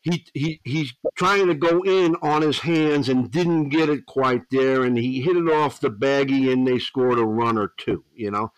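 A man, a veteran pitching coach, telling rambling stories as a podcast guest, with frequent restarts and 'you know's. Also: unhurried, few pauses, dry recording, rough recording. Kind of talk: storytelling podcast interview.

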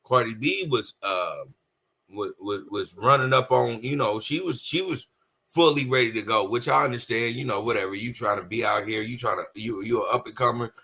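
A man co-hosting a podcast, chatting casually with profanity and animated storytelling full of stumbles and restarts. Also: medium pitch, normal speed, breathy edge. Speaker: podcast co-host. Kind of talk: casual chat.

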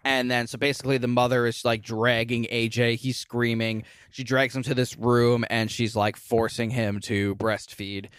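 A man's voice: medium pitch, flat delivery, moderate pace, few pauses, clean tone, no echo. A man co-hosting a casual movie review, animatedly retelling scenes and acting them out in put-on voices. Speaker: co-host of a movie review show.

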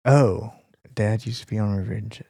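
Low-voiced easygoing male co-host. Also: creaky, husky, no room sound, clean studio sound. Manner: relaxed, quick to laugh, easygoing. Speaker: podcast co-host. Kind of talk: casual chat, impression game.

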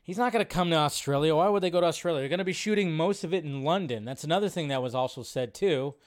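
A man's voice: fairly high pitch, fast talker. A man hosting a casual live stream. He talks in a rambling way with lots of fillers and restarts. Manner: rambling, filler-heavy, chatty.

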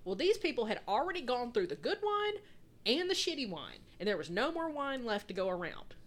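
A woman co-hosting a podcast in casual chat, animated and quick to laugh, swearing freely. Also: fairly high pitch. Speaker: podcast co-host.

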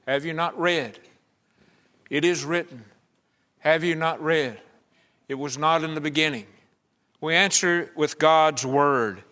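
A man's voice: fairly high pitch, bright, forceful tone. A man preaching a conversational sermon at a church service, acting out the voices he quotes.

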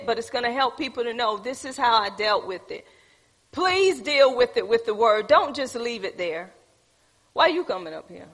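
A woman's voice: fairly high pitch, a bit bright. A woman teaching a church group, preachy and calling on the audience. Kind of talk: teaching talk with congregation.

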